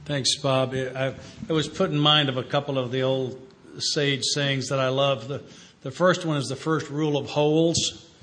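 A man's voice: mid-range voice, steady tone, moderate pace, fairly bright tone, slight background noise. A man at a recovery meeting sharing sayings in an easygoing, folksy way. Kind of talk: casual talk.

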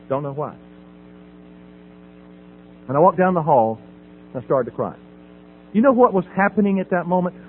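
Standing at a podium in a meeting hall, a middle-aged man with a high-pitched voice gives his personal recovery testimony. He tells it humorously, laughing at himself and performing the different voices in the dialogue. The audio is tinny, like a phone, with a mains hum underneath.

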